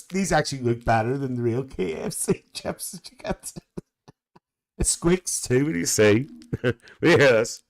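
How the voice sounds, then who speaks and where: A man playing a cheeky, gossipy older aunty character, hosting a live chat with viewers in camp, chatty talk broken by cackling laughs and shrill high exclamations.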